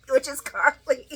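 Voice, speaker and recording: A woman casually recapping a soap opera episode, laughing often and acting out the characters' lines in quick little voices. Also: high voice. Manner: animated and giggly, acts out characters' lines. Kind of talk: casual chat.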